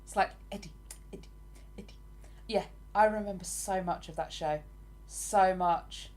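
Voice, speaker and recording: A woman's voice: mid-range voice, normal speed, darkish tone. A woman with an English accent hosting a casual live stream, chatting and laughing easily as she greets viewers by name.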